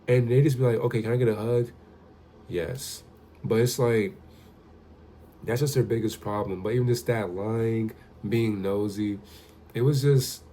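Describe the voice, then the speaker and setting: Young man, casual profane vlog storytelling, mellow lowish voice, faint background noise. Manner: loose, profane, conversational storytelling. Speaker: vlogger.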